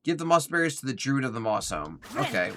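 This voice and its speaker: Bright, lively young man streaming a game. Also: mid-range voice, fast talker, slight background noise. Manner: chatty, reads chat aloud, talks to himself while playing. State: yawning, tired. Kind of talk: casual live-stream chat while gaming.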